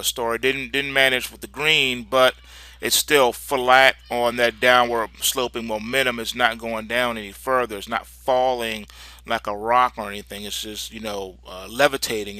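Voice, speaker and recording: A man's voice: medium pitch, pushed and bright, no echo. A man hosting a casual market recap, walking through charts with frequent fillers and repeated words. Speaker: market commentary host.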